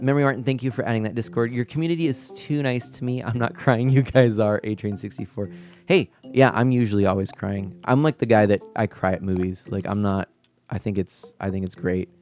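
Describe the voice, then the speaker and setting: A man in his thirties hosts a family-friendly live stream, his voice on the low side and a little mellow. He reads viewer comments and chats loosely, rambling, giggling often, and full of fillers and restarts.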